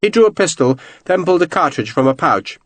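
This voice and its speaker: A man narrating an audiobook in an expressive, dramatic reading style. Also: fairly high pitch, a little fast, dry recording.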